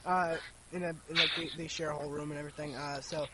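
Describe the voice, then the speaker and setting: An excitable man loudly rambling through a joke as a gameplay commentator. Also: on the high side, fast, very noisy. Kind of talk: casual joke-telling.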